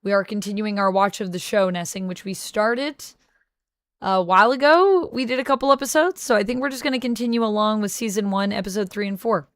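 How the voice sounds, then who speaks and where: A young woman streaming from home, chatting casually with her viewers and thinking out loud into a close mic. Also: medium pitch, fairly quick, no echo. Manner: chatty, talks to chat, thinks aloud. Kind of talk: casual livestream chat.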